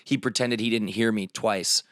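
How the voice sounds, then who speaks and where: A man's voice: on the low side, moderate pace, no echo, studio quality. A man in his thirties from the Chicago area, a comedian guest telling stories with frequent laughs in casual podcast chat. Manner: animated storyteller, laughs often.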